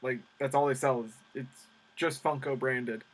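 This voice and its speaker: A man co-hosting a casual live-stream chat, relaxed and teasing as he talks through trip plans. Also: mid-range voice, moderate pace.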